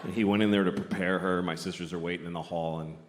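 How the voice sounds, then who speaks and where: A middle-aged man doing a deadpan stand-up comedy set, now and then breaking into loud shouted bits. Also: low-pitched, fast. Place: comedy club stage before a laughing audience. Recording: roomy live club recording, noisy.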